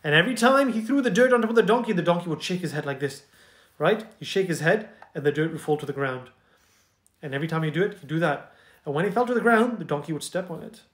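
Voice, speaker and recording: A man hosting a children's show, narrating a bedtime story in a gentle, chatty way and asking listeners questions, in a roomy-sounding recording. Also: a little high, animated, quick pace. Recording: roomy echo.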